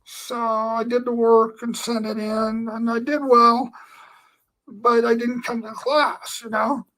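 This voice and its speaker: Earnest man with a flat delivery. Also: extremely high pitch, slow pace, poor audio. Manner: earnest, meandering storytelling full of fillers. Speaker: Christian speaker. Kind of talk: personal testimony.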